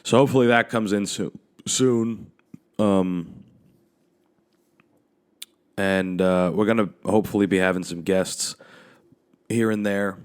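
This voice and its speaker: A man's voice: lowish voice, fairly even intonation, takes it slowly, long pauses, clear, resonant tone. A male comedian and podcast host telling a story in a casual, rambling and profane way, speaking into a handheld microphone. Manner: rambling and profane, with frequent restarts.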